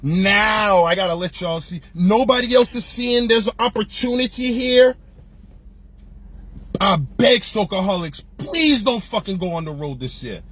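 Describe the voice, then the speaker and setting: Male, high-pitched, raspy voice, heated opinion rant, profane, slangy storytelling host. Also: animated, a little slow, a bit bright. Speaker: podcast host. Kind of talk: ranting opinion monologue.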